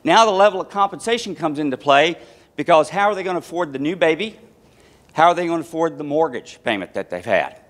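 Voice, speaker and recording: A man gives a conference presentation, walking through a family anecdote and then laying out his points one by one. His voice sits a bit high for a man, with an explanatory storytelling manner. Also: lively intonation, fast, a bit bright. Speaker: conference speaker.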